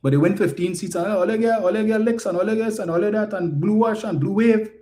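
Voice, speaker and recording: A man's voice: high-pitched, quick pace, warm tone. A man with a Trinidadian accent giving an emphatic, indignant political commentary monologue full of rhetorical questions.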